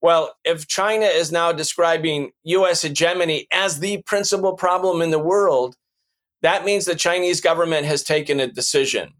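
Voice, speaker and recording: A man's voice: on the high side, fairly even intonation, normal speed, a bit bright. A man hosting a political talk show, speaking in an emphatic, lecturing way and repeating points for stress. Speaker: podcast host. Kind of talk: political commentary.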